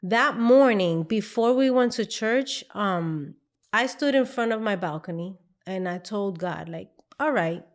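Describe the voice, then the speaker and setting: A woman's voice: a little high, expressive, normal speed. Earnest woman sharing a faith testimony. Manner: earnest, emotional storytelling with quoted dialogue. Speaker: podcast guest. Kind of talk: candid personal testimony.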